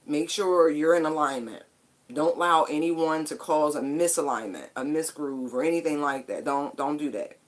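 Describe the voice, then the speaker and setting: A woman's voice: low voice, moderate pace. A woman giving a casual spiritual tarot reading, chatty and emphatic, with casual swearing. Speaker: tarot card reader.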